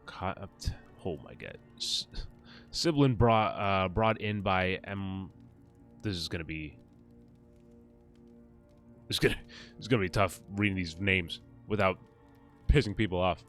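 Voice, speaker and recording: A man's voice: deep voice, a little slow, pauses often, a bit bright, soft background music. A man hosting a let's play, reading in-game notes aloud in a casual way, stumbling over fantasy names and swearing now and then.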